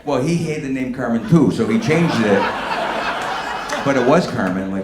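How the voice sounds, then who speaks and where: A man delivering a stand-up set in a brash, profane manner, his pitch swinging widely as he talks. His voice rings through an echoey room over loud background noise. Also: moderate pace, over a noisy crowd. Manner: brash and profane, with animated bursts. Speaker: stand-up comedian. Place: comedy stage before a live audience.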